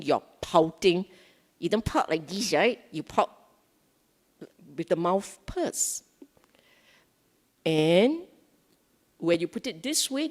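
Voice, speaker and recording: Middle-aged Singaporean woman, animated and playful Buddhist speaker with a very lively pitch, heard in a reverberant hall. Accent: Singaporean English. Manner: animated, joking, colloquial, repeats phrases for emphasis. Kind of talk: casual Dhamma talk.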